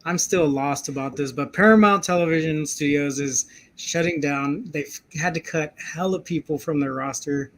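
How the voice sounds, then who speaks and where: A man's voice: on the high side, normal speed, hardly any pauses, fairly bright tone. A man co-hosting a casual chat show, talking in a laid-back, slangy way and often saying "dude". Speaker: co-host.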